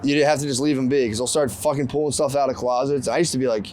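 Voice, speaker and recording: A man's voice: mid-range voice, fairly even intonation, fast, darkish tone, soft background music. A man in his thirties chatting casually outdoors by the water, loose and profane, laughing often. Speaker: podcast co-host on a fishing trip. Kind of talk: casual chat.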